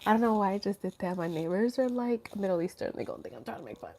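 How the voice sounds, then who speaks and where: A woman's voice: medium pitch, big pitch swings, quick pace, a little mellow, slight background noise. A woman hosting a casual live stream from home, chatty and rambling, swearing freely. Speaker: livestream host. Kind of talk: casual livestream chat.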